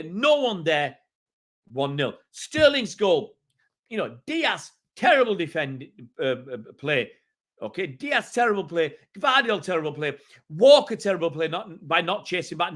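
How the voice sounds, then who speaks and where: A man's voice: high voice, fairly bright tone. A middle-aged man from England hosting a fan channel live stream, ranting in exasperation and repeating himself. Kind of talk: live-stream match reaction.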